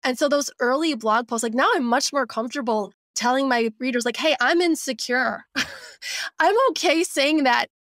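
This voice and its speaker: A woman in her forties speaks as a podcast guest, her voice sitting a little high. She talks in a candid, reflective way and drops into quick quoted inner thoughts. The sound is close and dry, with no room around it. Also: fairly bright tone, dry recording. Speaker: guest, simplicity coach and author. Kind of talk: conversational podcast interview.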